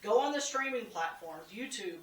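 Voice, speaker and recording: A woman's voice: mid-range voice, lively intonation, moderate pace. A woman hosting a casual weekly devotional talk, chatty and humorous, laughing at herself as she encourages her listeners. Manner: encouraging, speaks straight to listeners. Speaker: devotional host. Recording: roomy, from a distance.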